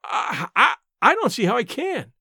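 A man's voice: high voice, lively intonation, a little fast, fairly bright tone, no room sound, clean studio sound. A man voicing a sullen, flustered young woman in a story reading, stammering when caught off guard.

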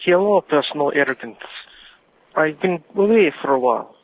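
A man's voice: a little high, animated, normal speed. A man from the United Kingdom leaving a joking call-in message while putting on a comic Eastern European accent. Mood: playful. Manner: jokey, rambling, talks in points. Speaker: caller. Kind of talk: phoned-in voicemail. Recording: phone line.

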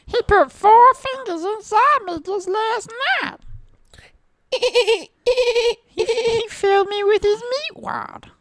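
A shrill, jealous female dolphin squeals and giggles, as a man puts her on in falsetto. The voice sits extremely high and drawls slowly, and it sounds dry and close. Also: fairly bright tone, dry recording, full character voice. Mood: smug.

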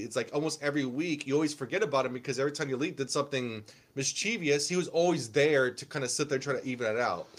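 A young man chatting casually about wrestling, rambling and swearing, with many restarts and fillers. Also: mid-range voice. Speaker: podcast co-host. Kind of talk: casual wrestling recap chat.

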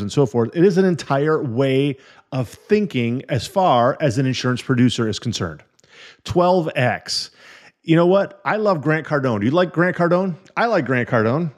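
A man's voice: medium pitch, a little mellow. A man hosting a podcast, talking straight to listeners, emphatic and fond of repeating key phrases and asking questions. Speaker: podcast host. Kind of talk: energetic podcast monologue.

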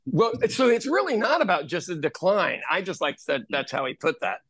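This Irish podcast host and pub owner, around 60, tells animated stories in relaxed, profane conversation, cursing freely. His voice sits high at a moderate pace, and the recording is dry.

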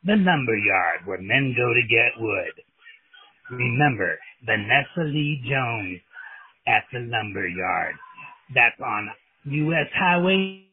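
A man voicing a sleazy male radio ad announcer, with a hyped, swooping sales pitch. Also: husky, no echo, heavily acted. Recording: tinny phone-line sound.

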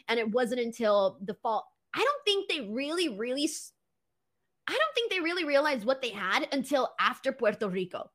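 A woman hosting a casual live-stream wrestling show, talking in an animated way, laughing often and swearing casually. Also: mid-range voice.

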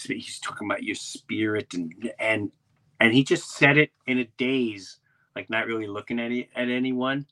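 A man's voice: medium pitch, normal speed, fairly bright tone. A man who hosts a podcast and does stand-up, telling rambling stories in casual chat with many restarts. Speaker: podcast host and stand-up comedian.

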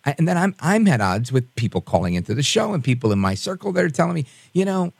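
A man hosting a political talk show, talking in an animated, conversational and rambling way. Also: on the high side, fast, creaky, husky, dry recording.

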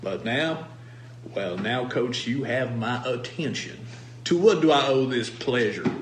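A man's voice: mid-range voice, unhurried, close to an everyday voice. Guy doing a drawly southern coach, folksy and flowery, roomy echo. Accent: put-on Southern US drawl. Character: man faking a thick syrupy Southern drawl, folksy and flowery. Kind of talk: comedy sketch impression. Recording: echoey room with faint noise.

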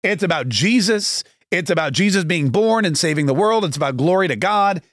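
A chatty man hosting a political talk show in a fairly high voice. He jokes and rambles, often correcting himself mid-sentence. The sound is close and dry, with no room echo. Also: lively intonation, a little fast, fairly bright tone. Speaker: conservative talk show host. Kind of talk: casual podcast monologue.

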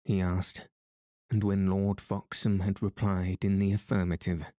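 A man narrating a book chapter in a measured, even reading. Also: deep voice, dry recording, studio quality. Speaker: audiobook narrator. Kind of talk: scripted narration.

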